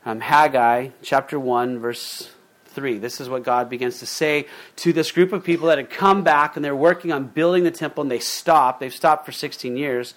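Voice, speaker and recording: In a conversational sermon, a male pastor first reads scripture, then puts it into everyday language with fillers and restarts. His voice is medium-pitched with a fairly bright tone, and he talks at normal speed.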